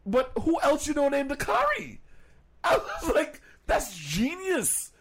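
A young man co-hosting a podcast, telling stories in a profane, animated way and putting on voices for the people he quotes. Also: very high-pitched, measured pace, creaky. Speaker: podcast co-host. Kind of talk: casual podcast banter.

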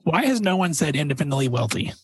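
Easygoing male podcast host, husky voice. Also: a little high, big pitch swings, fast talker, no room sound. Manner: easygoing, laid-back. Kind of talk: casual podcast interview.

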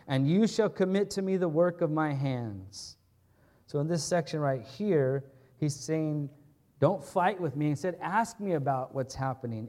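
A man preaching an expository sermon with a fairly high, mellow voice. He talks in an earnest, conversational way, explaining and restating each point and often checking in with his listeners. His tone stays soft and warm rather than bright. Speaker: pastor.

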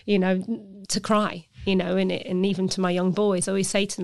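A woman's voice: mid-range voice, level tone, a little fast, vocal fry, few pauses. A woman hosting an interview, talking in a reflective, personal way. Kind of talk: conversational interview.

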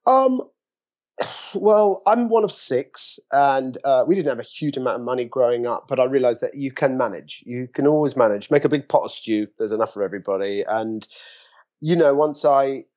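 Man, middle-aged, English accent, interview guest, lively storyteller, mid-pitched voice. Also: normal speed. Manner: animated storyteller, acting out quotes with big pitch jumps. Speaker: actor interviewee. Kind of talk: casual anecdotal interview talk.

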